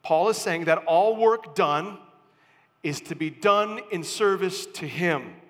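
A high-pitched man preaches a sermon at a slow, deliberate pace, leaning hard on key words and then dropping to a hush. His voice rings with the long reverb of a big church hall. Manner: slow, emphatic preaching with sudden rises and soft drops. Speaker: pastor.

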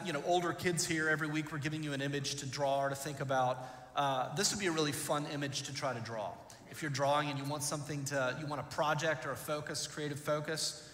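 A male pastor preaching a sermon, retelling a story with dramatic swings between loud and quiet. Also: a little high. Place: church. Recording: echoey church hall.

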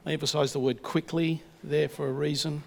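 Man preaching, earnest, measured, fairly high voice, long church-hall reverb. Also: flat delivery, vocal fry, darkish tone, a little hiss or hum. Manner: earnest, measured, slows for emphasis. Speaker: pastor. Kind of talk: sermon and communion prayer.

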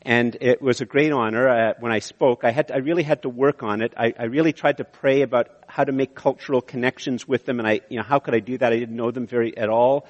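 A man from Canada preaching a sermon, animated, with emphatic rises and frequent restarts. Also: mid-range voice, fast talker, few pauses, highs cut off. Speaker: pastor. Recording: reverberant hall from a distance.

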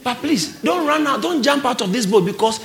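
A man preaching a sermon as a pastor, swinging from soft asides to shouted calls and often laughing between phrases. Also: very high voice, a little fast, reverberant. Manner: animated preaching, rising to shouts.

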